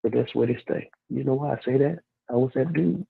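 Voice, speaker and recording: A man calling in to a radio talk show, speaking earnestly and haltingly, with many restarts. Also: mid-range voice, vocal fry, husky, no echo. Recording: tinny phone line.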